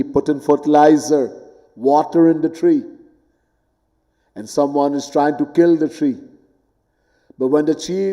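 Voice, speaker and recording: A man giving a devotional lecture as a spiritual teacher in a temple hall. He speaks deliberately, swinging from high, emphatic lines to quiet ones and chanting Sanskrit verses. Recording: long hall reverb.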